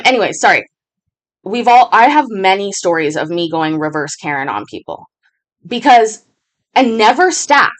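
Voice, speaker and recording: Woman just chatting, rambly and sweary, middle pitched voice. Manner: rambling, profane storytelling. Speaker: stream host reacting to clips. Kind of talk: casual chat.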